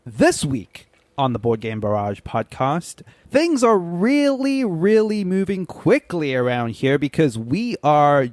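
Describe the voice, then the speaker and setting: An upbeat man hosts a casual board game podcast, his fairly high voice rising and falling in lively swings. He laughs easily, and his voice sounds dry and close to the mic. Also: slow, no room sound. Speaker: podcast host. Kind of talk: casual chat.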